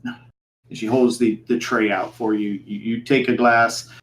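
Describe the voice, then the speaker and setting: A man narrating as game master of a tabletop game, halting with many fillers and restarts. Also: lowish voice, flat delivery, rough recording.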